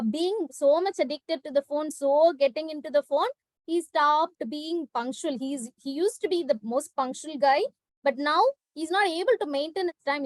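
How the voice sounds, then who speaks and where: High-voiced woman telling a story to a class. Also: no room sound, low-quality recording. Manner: animated storytelling, acts out quoted characters; frequent "like" fillers. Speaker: teacher. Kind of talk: storytelling lesson to students on a video call. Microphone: video call.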